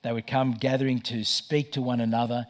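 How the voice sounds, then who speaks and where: A man's voice: medium pitch, little pitch movement, brisk. Man, pastor, sermon, storytelling, stammered restarts, middle-aged. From Australia.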